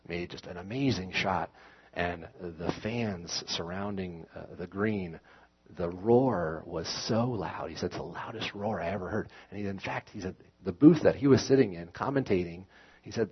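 A man's voice: sits low, slightly rough, lo-fi sound. A man preaching a sermon in a conversational, self-correcting way, rising into emphatic scripture reading. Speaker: pastor.

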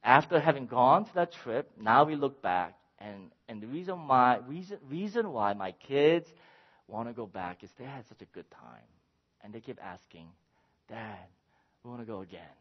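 A middle-aged man preaching a sermon as pastor, conversational with restarts, at times rising to impassioned shouting. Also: medium pitch, sing-song, moderate pace. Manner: builds to impassioned shouting, then apologizes. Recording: dull lo-fi sound.

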